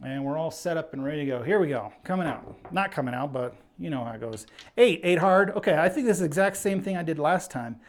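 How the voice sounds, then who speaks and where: A livestream host with a slightly high, expressive voice talks fast while playing, calling the action and chatting casually. He's a bit out of breath and reads viewer names aloud.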